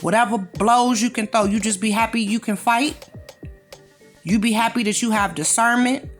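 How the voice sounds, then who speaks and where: A woman's voice: on the high side, fairly even intonation, normal speed, faint music behind. Sassy preachy woman with a drawl. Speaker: commentary channel host. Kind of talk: casual monologue commentary.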